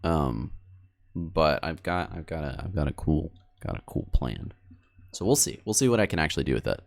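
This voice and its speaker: While editing a video, a young man streamer chats casually with his viewers, rambling and cutting himself off as he addresses chat. His gravelly bass voice is very animated and moves at a moderate pace.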